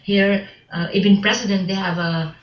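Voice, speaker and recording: A woman being interviewed about her film work, speaking haltingly with many restarts and broken grammar. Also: mid-range voice, fairly even intonation. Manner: halting, repeats words, non-native English grammar. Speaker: interview guest, filmmaker. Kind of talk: casual interview. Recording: roomy, dull lo-fi sound.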